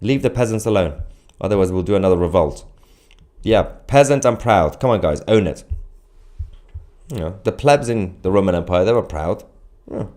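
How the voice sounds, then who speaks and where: Deep-voiced man hosting a live stream. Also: expressive, normal speed, pauses often, darkish tone. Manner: chatty with many fillers and restarts, laughing often. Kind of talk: casual live stream commentary reading viewer chats.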